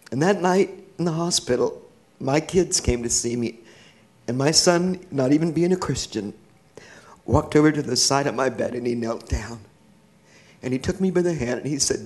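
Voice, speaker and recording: A man's voice: fairly high pitch, a little mellow. A middle-aged man, a guest in an interview, telling his own life story with earnest feeling and a laugh now and then. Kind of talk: personal testimony in church.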